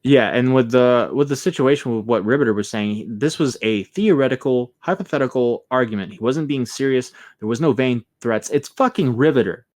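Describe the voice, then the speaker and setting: A man's voice: medium pitch, normal speed, hardly any pauses, a little mellow. A man hosting a podcast, talking bluntly and with a lot of swearing, sounding exasperated. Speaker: podcast host. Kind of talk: casual podcast chat.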